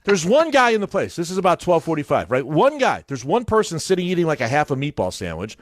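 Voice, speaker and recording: On a morning radio show, a male host with a slightly high voice and huge pitch swings talks fast, rambling through a long story with plenty of restarts as he banters casually with his co-hosts. The studio-mic recording is clean, studio quality and free of echo.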